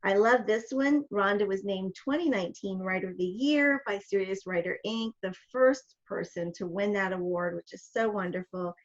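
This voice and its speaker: A woman's voice: medium pitch, moderate pace, hardly any pauses. Woman, co-host, regional American accent, enthusiastic and chatty, dull lo-fi call audio. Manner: chatty, enthusiastic, wanders off topic. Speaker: podcast co-host. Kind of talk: casual chat introducing guests.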